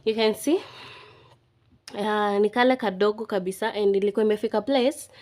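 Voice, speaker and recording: Her voice is medium-pitched, steady, brisk, and somewhat dark. A Kenyan woman in her twenties, she vlogs from home, unboxing items while chatting casually and emotionally.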